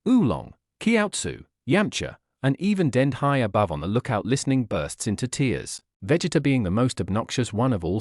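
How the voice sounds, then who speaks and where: Guy reading fanfic out loud, super up and down delivery, dry sound. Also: mid-range voice, no room sound. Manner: animated storytelling. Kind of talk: reading fan fiction aloud.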